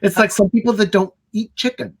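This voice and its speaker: A man's voice: high voice, fairly even intonation, a little fast, vocal fry, slightly rough, no room sound. A man co-hosting a casual livestream chat, mostly chiming in with short remarks. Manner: brief interjections. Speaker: co-host.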